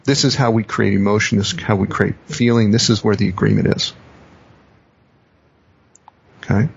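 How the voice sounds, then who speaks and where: A man's voice: on the low side, fairly even intonation, quick pace, vocal fry, husky. A man, a coach and teacher, explaining ideas in a reflective podcast conversation, often rephrasing himself. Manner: reflective, repeats and rephrases, acts out quoted phrases. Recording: dull lo-fi podcast audio.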